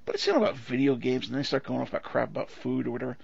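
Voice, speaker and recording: A man co-hosts a podcast in loose, irreverent chat, rambling through old films and laughing as he goes. He talks fast, and his voice is gravelly. The audio is dry and dull, like a lo-fi home recording. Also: mid-range voice, sing-song, a little mellow, no room sound. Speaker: podcast co-host. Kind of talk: casual chat.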